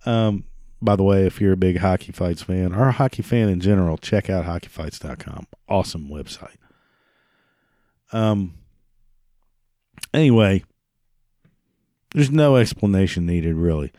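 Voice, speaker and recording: A man's voice: low-pitched, a little slow, long pauses, mellow, no room sound, studio quality. A man ranting in a sarcastic, mocking, profane monologue. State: prone to coughing fits.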